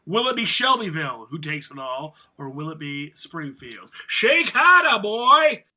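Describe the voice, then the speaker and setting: Bright, high-voiced podcast host man. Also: sing-song, normal speed. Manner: announcing brackets with playful energy. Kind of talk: casual podcast chat.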